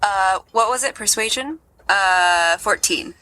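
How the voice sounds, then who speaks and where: Unhurried woman player in a tabletop game, bright tone, hesitant delivery. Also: mid-range voice, rough recording. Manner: hesitant, with fillers. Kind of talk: casual tabletop play.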